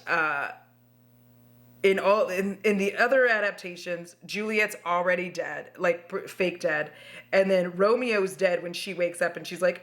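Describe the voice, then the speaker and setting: Chatty woman vlogging at home. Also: fairly low pitch. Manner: expressive, chatty, swears freely. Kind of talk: casual chat to camera.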